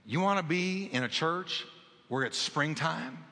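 A man's voice: expressive, a little slow. Preaching man in a long reverberant hall. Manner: preaching with big swings between loud exhortation and hushed, low storytelling. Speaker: pastor. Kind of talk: sermon.

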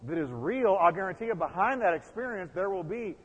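A man's voice: sits high, animated, fairly quick, husky, in a large hall, dull audio. A man preaching a sermon as pastor, building emphasis and putting questions to the congregation.

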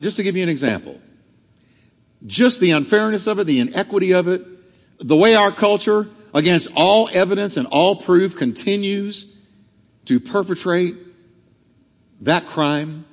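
A man delivers a sermon from the pulpit with a somewhat high voice that leaps up and down in pitch as he drives each point home. His words ring out with a long reverb from the large church around him. He slows to a crawl for emphasis, then rushes ahead again. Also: expressive. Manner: emphatic preaching with sweeping pitch swings and dramatic slowdowns. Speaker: pastor. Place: church sanctuary.

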